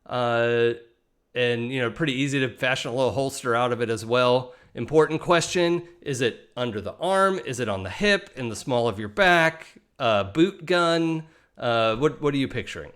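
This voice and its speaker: A man running a tabletop role-playing game, relaxed with many fillers. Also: mid-range voice, moderate pace, clean tone. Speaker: game master.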